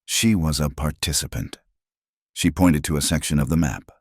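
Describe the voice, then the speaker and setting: A man narrating a western story in a measured, even storytelling manner. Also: a bass voice, husky, dry recording, clean studio sound. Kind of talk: scripted narration.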